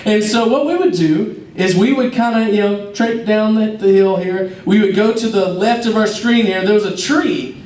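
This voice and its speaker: A young man, a youth minister telling lively, self-mocking stories to a youth service. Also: sits high, normal speed. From North Georgia, USA. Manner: lively, self-mocking storyteller who acts out scenes. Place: church hall. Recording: roomy hall, mic at a distance.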